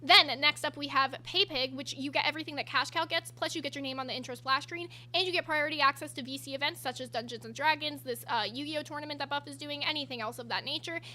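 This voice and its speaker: A young woman co-hosting a casual livestream, talking in a rapid-fire rush. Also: sits high, sharp tone, a little hiss or hum. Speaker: stream co-host.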